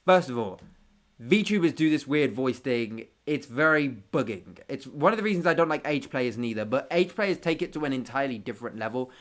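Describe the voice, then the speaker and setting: A man's voice: mid-range voice, lively intonation, fairly quick. A man with street hosting a reaction video, ranting casually with profanity and self-mocking jokes.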